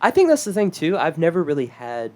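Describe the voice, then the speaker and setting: A man's voice: on the high side, huge pitch swings, brisk, warm tone, slight background noise. A young man from South Carolina co-hosting a podcast, chatting casually, laughing often and swearing now and then. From South Carolina, USA. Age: young adult. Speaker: podcast co-host. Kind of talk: casual chat.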